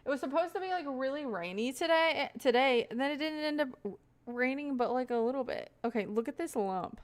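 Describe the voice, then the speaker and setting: Chatty young woman streamer, slightly high voice. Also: lively intonation, fairly quick. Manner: chatty, rambling, laughs often, talks to chat. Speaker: livestreamer. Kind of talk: casual livestream chat.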